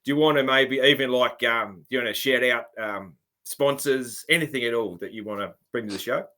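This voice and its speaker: A man's voice: medium pitch, a little fast, bright, forceful tone. A middle-aged Australian man hosting a podcast interview in an easygoing, rambling way. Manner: rambling and easygoing, often calling the guest "man". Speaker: podcast host. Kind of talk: casual interview chat.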